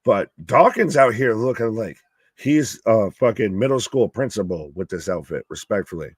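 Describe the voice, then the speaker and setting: A man talks through a wrestling show live, casual and quick to swear or cheer when something catches him off guard. His voice sits a bit low and comes over a close mic with a dry sound. He chats loosely, as if to an audience watching along. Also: husky, no echo. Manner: excitable, swears, pops loudly at surprises. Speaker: alternative commentary host.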